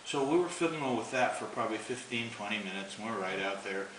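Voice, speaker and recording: A lowish, expressive voice moves briskly as a man tells a long story in a rambling, folksy style, chuckling as he talks. Crowd noise is audible in the roomy, distant, noisy home recording.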